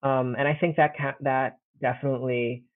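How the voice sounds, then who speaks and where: A man's voice: medium pitch, little pitch movement, normal speed, no echo. A man co-hosting a casual podcast, talking through ancient history in a rambling, self-deprecating way with many restarts. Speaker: podcast co-host, classics scholar. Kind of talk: casual academic chat. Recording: tinny phone-like line, dry.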